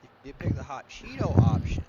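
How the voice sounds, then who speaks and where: A young man co-hosting a casual podcast chat, swinging between loud outbursts and mumbling. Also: mid-range voice, sing-song, a little fast. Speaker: podcast co-host. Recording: dull lo-fi mic with loud noise.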